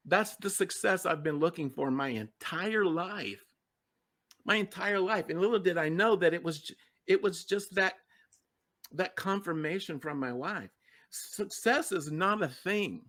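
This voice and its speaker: A man's voice: sits high, unhurried, fairly bright tone. A middle-aged man telling a personal story as a podcast guest, earnest and emotional, often repeating words for emphasis. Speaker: guest, success coach.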